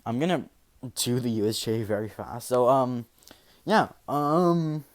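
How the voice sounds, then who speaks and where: A man's voice: medium pitch, expressive, measured pace. A man telling an improvised fan story in a meandering way, full of fillers, restarts and casual swearing. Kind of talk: rambling improvised story narration.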